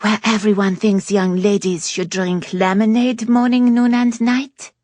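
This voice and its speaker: A woman's voice: fairly even intonation, a little mellow, no echo, natural voice. Woman putting on a flirty French noblewoman. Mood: teasing. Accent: put-on French. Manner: playful, drawn-out, high and lilting.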